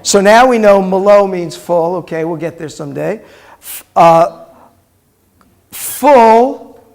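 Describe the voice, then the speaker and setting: A high-pitched, darkish voice with vocal fry, slow in pace, belongs to a middle-aged rabbi. He teaches Hebrew in a classroom, patiently repeating words aloud and putting questions to his students.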